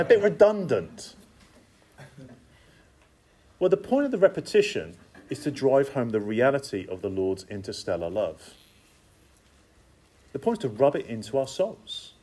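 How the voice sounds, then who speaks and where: A man's voice: a little high, slightly rough. A man preaching a sermon, emphatic and conversational, repeating key phrases and dropping in casual asides. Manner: lively, emphatic, repetitive cadence with conversational asides.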